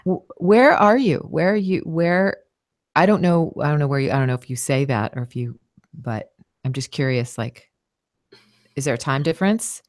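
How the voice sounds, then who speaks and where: A woman's voice: low voice, moderate pace, dry recording, clean studio sound. A woman voice actress talking as an interview guest, thoughtful, with many "you know"s and restarts. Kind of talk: casual interview conversation.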